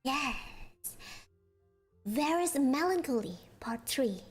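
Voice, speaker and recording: A woman's voice: sits high, animated, slow pace, soft background music. A woman with Indonesian as her first language, reading a bedtime story aloud on a stream and giggling playfully between lines.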